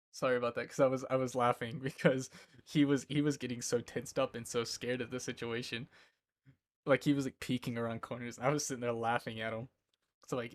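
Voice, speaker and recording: A man's voice: mid-range voice, no echo, studio quality. A man in his twenties chatting casually on a live stream from home, rambling and often breaking into laughter. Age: 20s. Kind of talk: casual chat. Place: indoor room at home.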